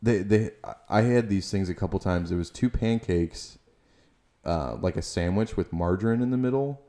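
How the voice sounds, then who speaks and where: A man with a very low voice telling a travel story in casual chat. He is laid-back and swears freely. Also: normal speed, mellow.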